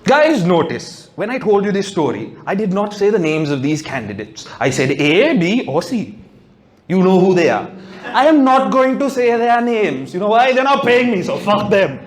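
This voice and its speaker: A man's voice: high voice, sing-song, normal speed. A male stand-up comedian, sardonic and swearing freely during a set before a live audience.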